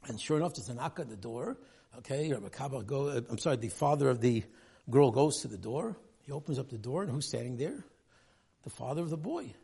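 A man's voice: medium pitch, vocal fry, mellow, husky. A man giving a weekly religious talk, telling a story animatedly and acting out the people in it. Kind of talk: storytelling sermon.

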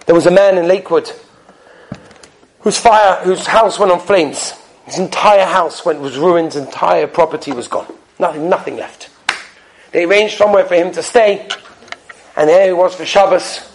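A man giving a storytelling sermon as a rabbi, animated, swinging between loud emphasis and hushed drops, with Yiddish and Hebrew terms mixed in. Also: sits high, moderate pace, pauses often. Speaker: rabbi giving a Torah talk.

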